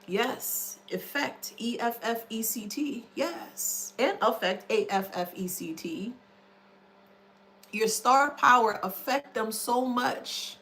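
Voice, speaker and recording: A woman's voice: medium pitch, fairly bright tone, a little hiss or hum. A woman commentator in a casual monologue, blunt and scornful, who spells out words letter by letter. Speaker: online commentator.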